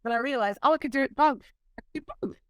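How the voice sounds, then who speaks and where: A woman interview guest telling stories in a lively way, acting out quoted voices. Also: sits high, fast talker, no room sound. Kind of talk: storytelling in conversation.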